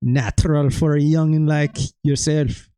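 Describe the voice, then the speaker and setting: A man reads game dialogue for a veteran male wrestler, using a put-on Irish accent that drifts into Scottish, in an exaggerated, self-mocking way with a gruff mood. His voice is fairly high, fairly even in intonation, a little slow, dark-toned and smooth. The sound is natural, with no echo.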